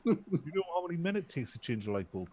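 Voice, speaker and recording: A man's voice: a little high, very animated, very fast, a little mellow, dry recording. Man firing off one-liners on a call. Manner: joking, trading one-liners. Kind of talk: casual group voice chat.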